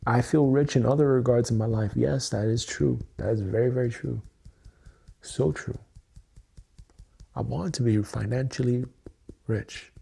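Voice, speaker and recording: A man speaking straight into his webcam during a solo livestream, with a deep, gravelly voice. He sounds earnest and emotional, swears freely and circles back over the same phrases. The tone is mellow and a bit husky. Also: a little slow, pauses often. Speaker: content creator. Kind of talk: solo livestream monologue, EFT tapping. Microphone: webcam mic, looking into camera.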